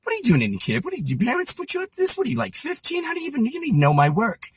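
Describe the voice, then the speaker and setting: A man doing a brash, high-pitched older insult comic. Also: huge pitch swings, very fast, slightly rough, no room sound, studio quality, exaggerated voice. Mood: mocking. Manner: barking, needling questions. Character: brash older male insult comedian, gruff and mocking.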